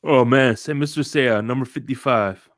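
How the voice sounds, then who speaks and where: A man's voice: medium pitch, moderate pace, dry recording. A man chats loosely on a sports podcast, rambling from story to story. He stops now and then to greet people watching. His voice sits mid-range and sounds dry and close to the mic. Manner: rambling, greets live chat viewers, tells stories with quoted voices. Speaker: podcast host. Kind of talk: casual sports podcast chat.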